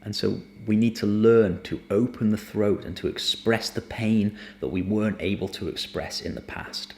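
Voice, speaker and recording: A man teaching somatic emotional release in a gentle, earnest, unhurried way, sometimes dropping almost to a whisper. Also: lowish voice, fairly even intonation, vocal fry. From United Kingdom. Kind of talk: reflective spoken teaching to camera.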